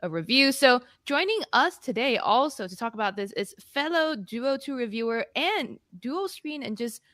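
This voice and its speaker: A woman's voice: fairly high pitch, expressive, normal speed, bright, forceful tone, no room sound, clean studio sound. A woman co-hosting a live tech podcast, chatting casually and reading out viewer greetings with small laughs. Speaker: podcast co-host.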